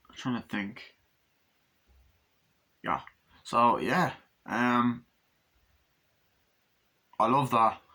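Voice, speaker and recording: A man's voice: medium pitch, extremely slow, long pauses, pushed and bright, rough recording. A man casually reviewing a movie, rambling with lots of fillers and swearing as he retells scenes and acts out the characters' lines.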